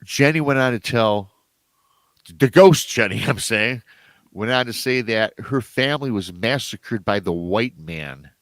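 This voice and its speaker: A man telling a story as a podcast guest in a casual way, animated, jumping up in pitch whenever he acts out what others said. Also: unhurried, no room sound. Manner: animated, acts out quoted voices with big pitch jumps.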